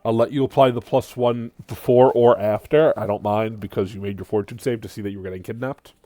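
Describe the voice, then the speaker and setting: A man narrating a tabletop game as game master, in slow, dramatic, hushed delivery. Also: on the low side, steady tone, no echo.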